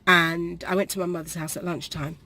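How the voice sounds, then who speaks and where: A woman, telling a personal story to the camera in a halting way, with pauses and restarts, while perspiring. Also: on the low side, level tone, bright, forceful tone. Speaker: vlogger. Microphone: camera facing her.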